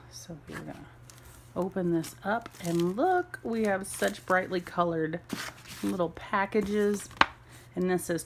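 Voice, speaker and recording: A woman filming an excited unboxing vlog at home, gushing and gasping with delight over each gift. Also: mid-range voice, takes it slowly, a little hiss or hum. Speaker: homeschool mom vlogger.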